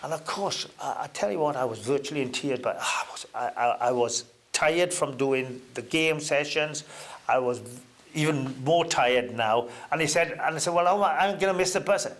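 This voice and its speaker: An older man from Wales, a guest on an interview, reminiscing in a relaxed anecdotal way with hesitant fillers and sudden lifts in pitch. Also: normal speed.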